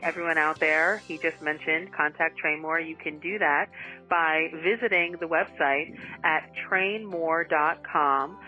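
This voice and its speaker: A woman hosting a podcast, upbeat and spelling out details clearly. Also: sits low, moderate pace, pushed and bright, soft background music, low-quality recording. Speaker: podcast host.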